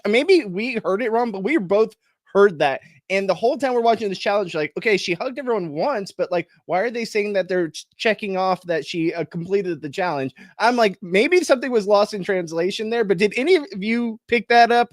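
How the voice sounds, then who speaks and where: A man's voice: high-pitched, no echo, studio quality. A man co-hosting a casual podcast chat, speaking in an earnest, emphatic way. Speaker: podcast co-host.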